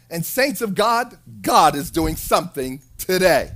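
Animated, slow-paced preacher. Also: mid-range voice. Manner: animated, dramatic, swings from hushed to loud. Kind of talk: sermon.

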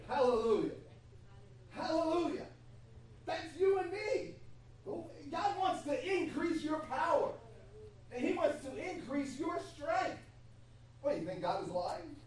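Woman preaching a lively sermon, high voice, heavy echo, heard from far off. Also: unhurried, pauses often. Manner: animated, laughing, acts out God's voice. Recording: echoey hall from far off, faint hum.

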